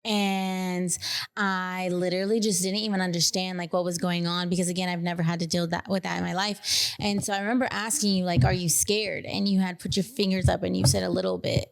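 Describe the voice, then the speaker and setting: A woman's voice: fairly low pitch, flat delivery, fairly quick, gravelly, a little hiss or hum. Young woman retelling a hard memory. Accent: Texan. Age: young adult. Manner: emotional retelling, many fillers. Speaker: podcast guest. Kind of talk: casual storytelling.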